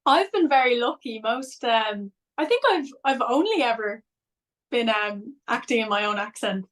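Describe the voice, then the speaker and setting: A woman's voice: fairly high pitch, lively intonation, moderate pace, a bit bright. A woman, an actress guest, chatting in an interview, a little hesitant with fillers. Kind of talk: casual interview chat.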